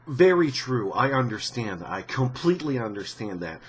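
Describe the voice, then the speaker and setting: Husky-voiced man rambling through blunt gaming commentary. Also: medium pitch, sing-song, normal speed, few pauses. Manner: rambling, frequent restarts, blunt and swearing. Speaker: YouTuber commenting on gaming news. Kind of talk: casual commentary.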